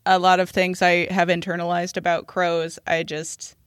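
A woman's voice: on the low side, completely flat delivery, moderate pace, clear, resonant tone, no echo, studio quality. A woman co-hosting a podcast in casual chat, playful and laughing often. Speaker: podcast co-host.

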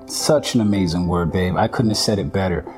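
A church elder earnestly leading listeners through a salvation prayer, line by line. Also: male voice, deep voice, brisk. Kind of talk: altar call and guided prayer. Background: music.

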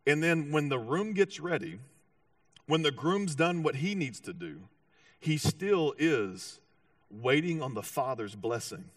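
A man preaching a sermon with animated storytelling, acting out voices and often restarting his sentences. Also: fairly high pitch, a little slow, dry recording, far from the mic. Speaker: pastor.

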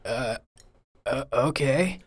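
A man's voice: mid-range voice, expressive, slow pace. A man voicing a flustered, apologetic young man in a tabletop game, stammering and hesitant. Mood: sheepish.

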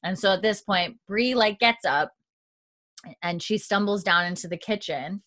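A woman's voice: medium pitch, normal speed, fairly bright tone. A woman podcast host giving a chatty, casual episode recap, full of fillers and acted-out lines.

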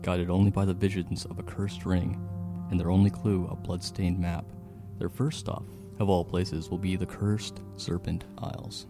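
A man's voice: sits low, little pitch movement, normal speed, music in the background. A man narrating a tabletop game as game master in a dramatic storytelling manner.

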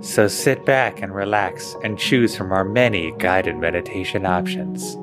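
A man playing a calm guide on a phone meditation line, speaking slowly and soothingly. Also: over music. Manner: slow, soothing, low.

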